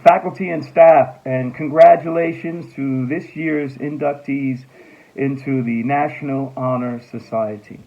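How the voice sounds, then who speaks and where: A man in his forties giving a friendly, upbeat message to students as a former graduate. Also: medium pitch. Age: 40s. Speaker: alumnus giving a recorded message. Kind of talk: friendly recorded speech. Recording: tinny phone-like recorded message.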